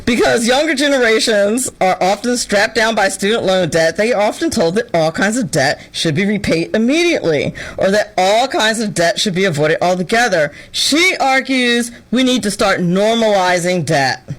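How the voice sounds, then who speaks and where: A woman's voice: mid-range voice, lively intonation, moderate pace, hardly any pauses, low-quality recording. A woman hosting a talk show, giving sarcastic, exasperated commentary in an opinionated rant. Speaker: radio show host.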